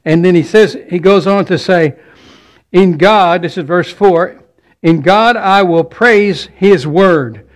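High-pitched guy preaching a sermon, earnest, repeats himself a lot. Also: slow. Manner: earnest, repeats words while building points.

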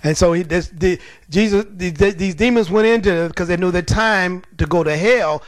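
Male preacher, high voice, lively storytelling, dry close sound. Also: normal speed, dry recording. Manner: animated storytelling with acted-out voices. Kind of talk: sermon.

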